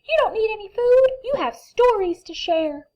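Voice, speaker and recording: A woman voicing a tiny, kindly mouse in a storybook reading, squeaky and reassuring. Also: lively intonation, normal speed, darkish tone, lo-fi sound.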